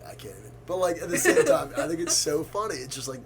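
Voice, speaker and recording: A young man from Pennsylvania with a Pittsburgh accent, hosting a casual college podcast, talking excitedly and laughing often. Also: a little high, fast talker, crowd noise. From Pennsylvania, United States. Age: young adult. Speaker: podcast host.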